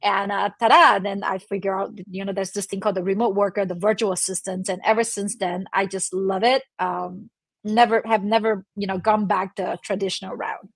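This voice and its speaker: A woman's voice: medium pitch, fairly even intonation, a little fast, creaky, no room sound. Woman guest, chatty, fillers, dry close mic. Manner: chatty, many "you know" and "right?", laughs often. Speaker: guest, delegation expert. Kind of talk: conversational interview.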